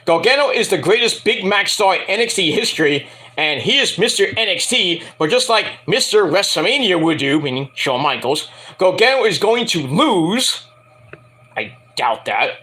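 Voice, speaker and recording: A man's voice: high-pitched, very animated, moderate pace, bright, forceful tone. Profane, rambling wrestling review man. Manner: profane, ranting, hesitant with fillers.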